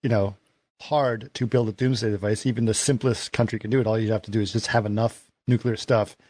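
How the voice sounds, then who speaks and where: A man's voice: fairly low pitch, steady tone, a little fast, darkish tone, no room sound. A man co-hosting a casual movie podcast, recounting film trivia in a storytelling way. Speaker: podcast co-host.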